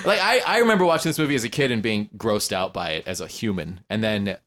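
A man's voice: on the low side, animated, quick pace, fairly bright tone, slight background noise. A man on a podcast bluntly giving his opinions on a movie in casual chat. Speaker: podcast co-host.

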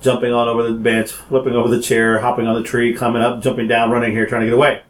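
A man telling childhood stories in casual chat, animated and laughing often as he acts out quotes. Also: medium pitch, fast talker. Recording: roomy echo.

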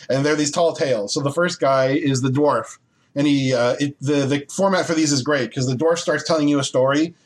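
A man co-hosting a casual podcast, retelling a video game quest with lots of fillers and laughs. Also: a little high. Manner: animated storytelling with laughs and fillers. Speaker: podcast co-host. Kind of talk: casual chat about video games.

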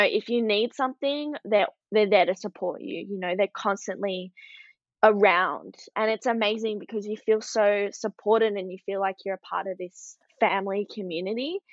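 Young Australian surfer woman, chatty guest, dull flat lo-fi recording with no room sound. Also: medium pitch, dry recording. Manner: chatty and upbeat, with many "like" fillers. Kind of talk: casual interview chat.

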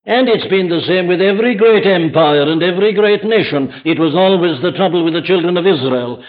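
A man's voice: high voice, brisk. A man preaching an evening sermon to a congregation, emphatic and full of rhetorical questions. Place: church before a congregation. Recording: dull lo-fi archive sermon recording.

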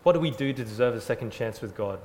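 A man's voice: medium pitch, lively intonation, quick pace. Earnest male preacher. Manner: earnest preaching, repeating phrases for emphasis, shifting from loud to soft. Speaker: pastor. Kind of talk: sermon.

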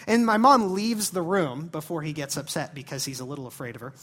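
Male pastor, casual storytelling sermon voice, animated, big swings from quiet to loud. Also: on the high side, fairly quick. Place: church service.

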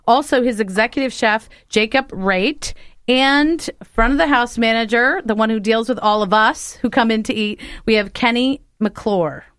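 A woman's voice: fairly high pitch, normal speed, fairly bright tone, smooth, no echo. Chatty woman hosting a studio show. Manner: enthusiastic, chatty, laughs often. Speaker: radio show host, wine expert. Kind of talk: casual interview chat.

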